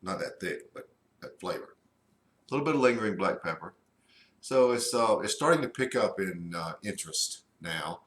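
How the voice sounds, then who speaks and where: A man reviewing a cigar in a slow, halting way with many fillers. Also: low voice, expressive, a bit bright, roomy sound. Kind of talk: casual review.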